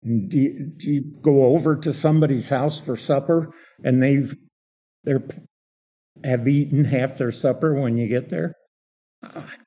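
A man's voice: mid-range voice, warm tone, slightly rough. A man preaching an expository sermon, explaining a passage and asking rhetorical questions.

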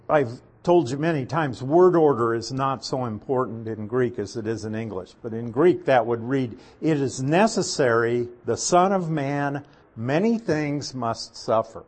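A man's voice: mid-range voice, darkish tone. A man preaching a verse-by-verse Bible teaching, who explains Greek words and repeats his key points. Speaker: pastor.

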